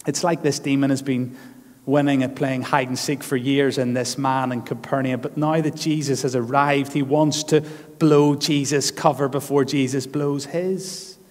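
A man's voice: mid-range voice, fairly even intonation, normal speed. A man preaching a sermon as pastor, earnest and emphatic, leaning on repeated phrases. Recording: long hall reverb.

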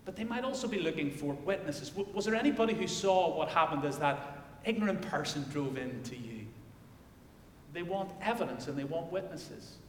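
A male pastor delivering a sermon and reading scripture, swinging from loud declarations to hushed emphasis. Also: fairly high pitch, animated, normal speed, slight background noise. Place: church. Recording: echoey church hall.

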